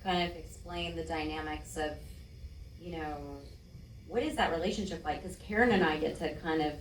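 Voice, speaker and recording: Woman, panel actress, lively storyteller, distant roomy sound. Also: sits low, normal speed, a little hiss or hum. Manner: giggly, animated storytelling. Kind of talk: casual panel talk. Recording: roomy live room, distant mic, audible ambience.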